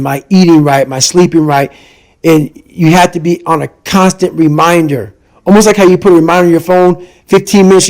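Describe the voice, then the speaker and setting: Middle-aged male guest, gravelly voice sitting high, driving and emphatic delivery. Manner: forceful, repetitive, emphatic. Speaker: podcast guest. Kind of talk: intense motivational talk.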